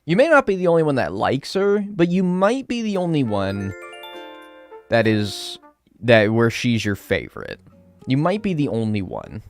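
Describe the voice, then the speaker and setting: Lively American guy streaming a game. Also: medium pitch, moderate pace, soft background music. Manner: animated, joking, swears freely. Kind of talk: casual live-stream chat while playing a game.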